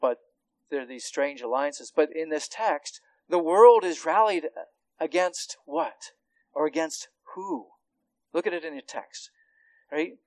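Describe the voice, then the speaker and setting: A man preaching an expository sermon, teaching earnestly with rhetorical questions and frequent restarts, his voice swelling on key points and dropping to quiet asides. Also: on the high side, dry recording, rough recording. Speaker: pastor.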